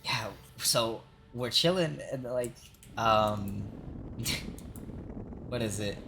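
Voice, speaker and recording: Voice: medium pitch, extremely slow, fairly bright tone, a little hiss or hum. Laid-back streamer telling a work story. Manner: profane, laughs often, lots of "like" and "right?". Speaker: game streamer. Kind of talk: casual rambling storytelling while gaming.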